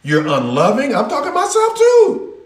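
A man's voice: very high voice, wildly swooping pitch, moderate pace, recorded from a distance. A man preaching a sermon in an emphatic, repetitive, folksy manner. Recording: roomy echo.

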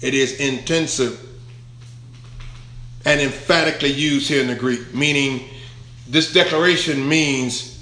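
Guy preaching verse by verse, bright ringing voice, lots of room echo, leans hard on words. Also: medium pitch, a little slow, long pauses. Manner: emphatic, stretches key words, asks the congregation questions. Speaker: pastor. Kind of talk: sermon, verse-by-verse Bible teaching.

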